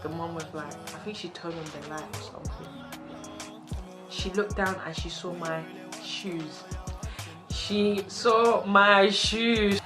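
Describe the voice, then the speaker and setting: A young woman, telling a dramatic storytime in an animated, laughing way. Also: deep voice, normal speed. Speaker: vlogger. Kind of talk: storytime vlog. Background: background music.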